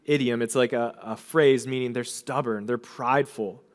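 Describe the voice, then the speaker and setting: A man's voice: mid-range voice, steady tone, normal speed. A young adult male pastor preaching a sermon, retelling scripture in casual, chatty paraphrase and acting out the figures' words in his own voice.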